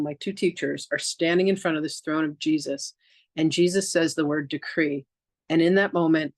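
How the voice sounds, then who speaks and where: A woman's voice: sits low, dry recording. A woman podcast host and reverend telling a personal story in casual chat, acting out the dialogue with lots of "like" and restarts. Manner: chatty, peppered with "like" and restarts.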